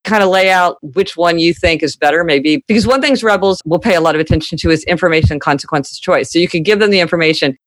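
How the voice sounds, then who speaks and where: A woman guest expert explaining ideas in a podcast interview, articulate, acting out quoted people in lively voices. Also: on the low side, fast talker, hardly any pauses, no room sound.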